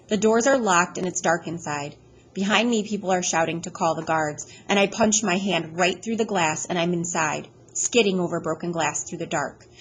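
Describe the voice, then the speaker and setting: A woman reading a first-person audiobook chapter aloud in a plain, steady storytelling manner. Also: on the low side, a little hiss or hum, low-quality recording. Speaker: audiobook reader.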